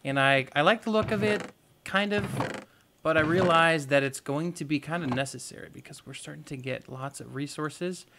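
A man's voice: a little high, moderate pace, creaky, background noise. A man hosting a gaming video, giving casual let's-play commentary and thinking aloud with playful, goofy exclamations.

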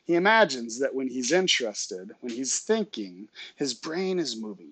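A male teacher reading a novel aloud to his students, with relaxed, chatty asides between passages. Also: medium pitch, normal speed, hardly any pauses, dry recording.

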